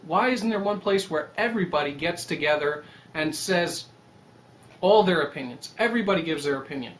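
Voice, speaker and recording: A man's voice: a little high, fairly quick. Young guy ranting casually about his site, swears a lot, voice jumps around, bit of hiss. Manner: rambling, animated, swears casually. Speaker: website creator. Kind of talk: casual vlog monologue.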